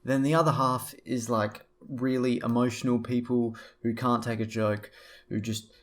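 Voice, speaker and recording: A man's voice: medium pitch, steady tone, normal speed. A young man talking to camera in a casual opinion vlog, rambling and blunt, swearing freely. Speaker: vlogger.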